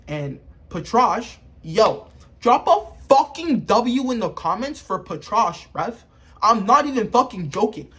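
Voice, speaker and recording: A man reviewing an anime episode in casual, excitable commentary, swearing freely and often checking in with his listeners. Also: high voice.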